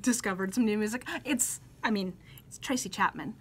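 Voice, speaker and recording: A woman co-hosting a casual knitting podcast, talking in a relaxed, hesitant way with many fillers. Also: mid-range voice, a little fast, slight background noise. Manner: chatty, hesitant with lots of ums. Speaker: podcast co-host. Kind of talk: casual chat.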